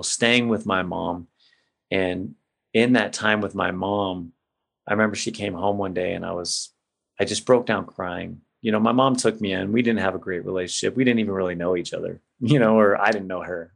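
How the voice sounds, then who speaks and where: A middle-aged podcast guest with a low-pitched, steady voice and vocal fry talks at a moderate pace. He recounts an emotional story from his own life casually and from the heart, frequently dropping "man" and "bro."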